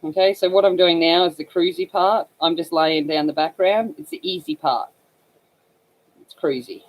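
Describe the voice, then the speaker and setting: A woman's voice: fairly low pitch, normal speed, rough recording. Chatty Australian woman livestreaming. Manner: chatty, explains slang to viewers. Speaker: livestream host. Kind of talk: casual livestream chat while coloring.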